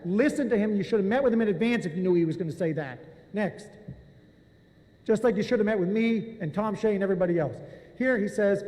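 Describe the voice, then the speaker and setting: A man, a physician, giving impassioned public testimony at a hearing, speaking forcefully and confronting officials directly. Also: high-pitched, fairly quick, big-room sound, low-quality recording.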